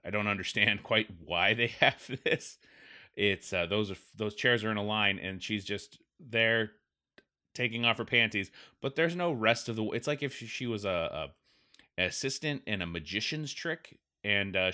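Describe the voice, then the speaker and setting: Low bright-voiced rambling man. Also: moderate pace. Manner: rambling, wry, self-deprecating asides. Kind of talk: casual comedic commentary.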